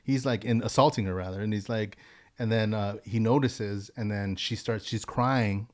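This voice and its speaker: A man with a lowish voice talks through a movie on a podcast. His retelling is animated and loose, full of slang and "like." It sounds like casual chat between friends. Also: normal speed. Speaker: podcast co-host.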